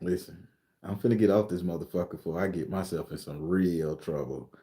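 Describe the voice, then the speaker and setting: A man from southern Florida, a spiritual reader hosting a casual live stream on his phone. He talks in a bawdy, joking, loud way. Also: low voice, fairly even intonation, a little fast. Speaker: spiritual reader and channel host.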